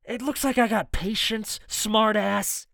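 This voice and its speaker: A man's voice: high voice, steady tone, takes it slowly, creaky, fairly bright tone, no echo, voice pushed up, heavily acted. Guy putting on a sneery bad guy, taunting and threatening, dry close sound. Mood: menacing. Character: menacing adult male thug, sarcastic and threatening.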